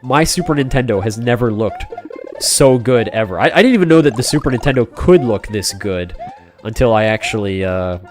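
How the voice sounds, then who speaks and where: A man's voice: mid-range voice, expressive, a little fast, faint music behind. A man streaming a retro game live, chatting casually with viewers, rambling with many fillers and restarts. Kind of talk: casual live-stream chat while playing.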